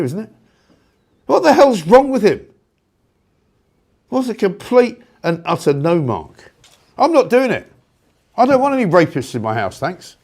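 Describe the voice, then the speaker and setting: A middle-aged man, hosting a talk show and ranting with indignant sarcasm and loud rhetorical questions. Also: fairly high pitch. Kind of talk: opinionated ranting monologue.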